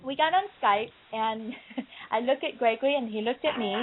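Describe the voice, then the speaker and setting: A woman's voice: fairly high pitch, moderate pace, a little hiss or hum. A woman hosting a talk show, gushing and effusive, laughing often as she chats. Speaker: podcast host. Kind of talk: casual chat. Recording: tinny phone-like call audio.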